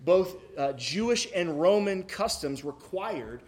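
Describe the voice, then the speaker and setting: A man preaching a sermon in a church, reading scripture and then talking in a relaxed, conversational way with joking asides and a few fillers. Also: high-pitched, slow. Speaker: pastor.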